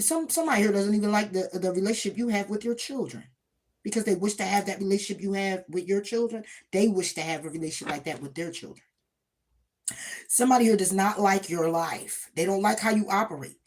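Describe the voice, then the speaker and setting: A woman's voice: mid-range voice, darkish tone. A woman giving a casual tarot reading, sassy and emphatic, often repeating her points. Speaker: tarot reader.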